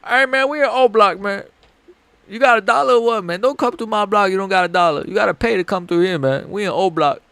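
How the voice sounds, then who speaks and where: A man's voice: high-pitched, brisk, vocal fry, sharp tone, clear, resonant tone, dry recording, voice pushed up, full character voice. A man doing a swaggering street tough. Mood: taunting. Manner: taunting, drawled slang. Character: swaggering young male Chicago street tough demanding money.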